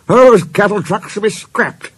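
Man putting on a high, huffy engine. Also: expressive, a little slow, slightly rough, dry recording, full character voice. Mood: indignant. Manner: much higher, loud, indignant. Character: grumpy proud male engine.

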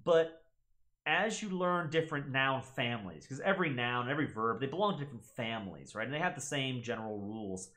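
Young American male host, casual explainer, teacherly, expressive pitch, mid-range voice. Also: a little fast. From United States. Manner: teacherly, checks in with "right?". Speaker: gaming channel host.

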